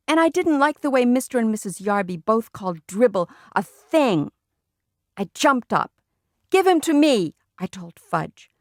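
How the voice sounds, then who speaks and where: A woman narrating a children's book in the first person, telling it in a lively way. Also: mid-range voice, no echo, studio quality. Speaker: audiobook reader.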